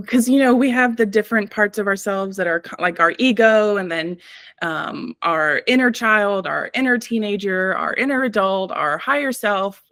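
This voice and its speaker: A woman's voice: mid-range voice, fairly bright tone, dry recording. A woman wellness professional, a guest on an interview podcast, talking reflectively with many "um" fillers. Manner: reflective, frequent "um" fillers, laughs between points. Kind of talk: casual interview talk.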